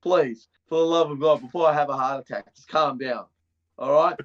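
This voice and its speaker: A man's voice: a little high, steady tone, brisk, highs cut off. An Australian man co-hosting a footy podcast, delivering a mocking, fired-up comic rant. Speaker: podcast co-host. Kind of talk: casual chat with a comic rant.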